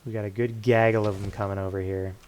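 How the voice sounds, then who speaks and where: A man's voice: on the low side, flat delivery, quick pace, a little mellow. Playful male game streamer. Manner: playful, jokey asides. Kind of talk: casual gameplay commentary.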